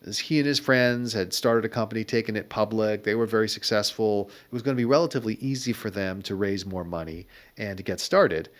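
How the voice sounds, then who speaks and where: Middle-aged male guest, low voice, wry reflective storyteller, conversational interview. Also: fairly even intonation, brisk, few pauses. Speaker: guest entrepreneur.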